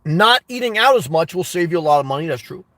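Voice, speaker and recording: A man's voice: a little high, animated, fast, fairly bright tone, dry recording, far from the mic. A man hosting a casual live stream, answering viewer comments in an emphatic way that repeats his points and breaks into laughter between remarks. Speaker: YouTube host answering live chat.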